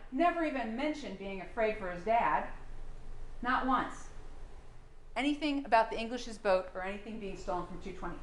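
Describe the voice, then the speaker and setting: A woman's voice: fairly high pitch, roomy sound, a little hiss or hum. A woman prosecutor delivering a courtroom closing argument, firing pointed rhetorical questions at the jury.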